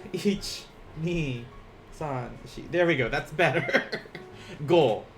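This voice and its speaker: Extremely slow and fairly high-pitched, a man leads a casual online language lesson, counting strokes aloud while writing. He's chatty and self-deprecating, laughing often, and there's slight background noise.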